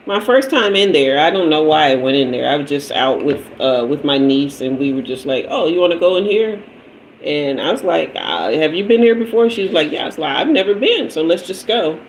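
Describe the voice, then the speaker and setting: A woman with a somewhat low voice hosts a live tarot stream, chatting easily with viewers and laughing often. She sprinkles endearments like "honey" through her talk, and a faint hum sits behind her. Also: expressive, a little fast, rough recording. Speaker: tarot reader and livestream host. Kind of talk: casual livestream storytelling.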